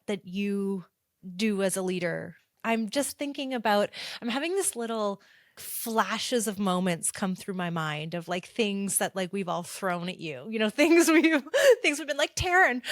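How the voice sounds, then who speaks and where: A woman co-hosting a podcast, speaking in a thoughtful, drawn-out and appreciative way. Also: medium pitch, no room sound, clean studio sound. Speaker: podcast co-host. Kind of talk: reflective podcast conversation.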